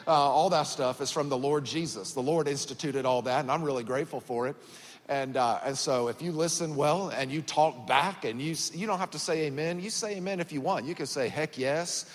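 Speaking briskly in a fairly high voice, a Southern-accented man in his thirties from Georgia preaches as a guest pastor in a large church auditorium. His sermon is folksy, joking and conversational, and church hall reverb colors the recording.

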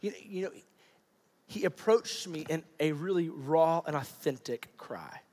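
A man's voice: fairly high pitch, expressive, unhurried, a little mellow. A man in his thirties preaching a sermon, telling a personal story and acting out the people in it. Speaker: pastor. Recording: long hall reverb.

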